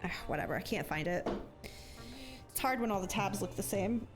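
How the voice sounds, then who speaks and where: A woman's voice: mid-range voice, animated, a little fast. A young adult woman streaming a game, chatting casually and self-deprecating, swearing now and then. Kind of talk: casual live gameplay commentary. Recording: game music behind her voice.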